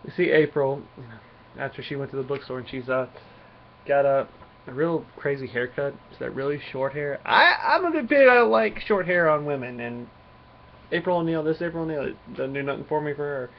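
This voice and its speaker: A man's voice: on the high side, expressive, brisk. A man casual comic reviewer, rambling recap with lots of uhs, dull lo-fi sound with faint hiss. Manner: rambling plot retelling with many fillers.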